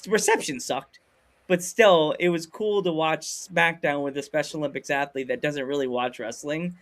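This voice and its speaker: A man hosting a podcast over a video call, telling stories in a lively way and acting out what people said. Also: fairly high pitch, normal speed. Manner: animated storyteller acting out quotes. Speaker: podcast host. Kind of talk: casual storytelling chat.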